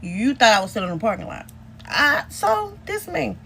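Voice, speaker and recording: A woman's voice: fairly high pitch, sing-song, normal speed, gravelly, sharp tone, slight background noise. A woman telling a heated, profane story to her viewers in a storytime vlog, recorded on a phone.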